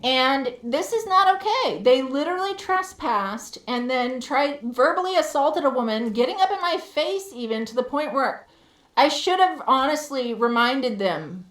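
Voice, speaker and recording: A woman streamer telling a story in a heated, profane, animated rant. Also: sits high, normal speed, echoey room. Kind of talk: casual ranting storytelling.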